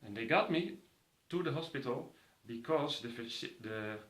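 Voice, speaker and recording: A man's voice: medium pitch, lively intonation, normal speed, fairly bright tone. A man vividly telling a personal story to an audience, acting out the voices of others. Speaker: speaker. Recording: roomy echo.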